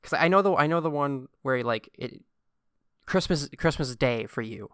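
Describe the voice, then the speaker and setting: Young male podcast co-host, bright and smooth voice, eager chatter. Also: mid-range voice, animated, normal speed, dry recording, clean studio sound. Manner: enthusiastic, giggly, stammering restarts. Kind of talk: casual chat.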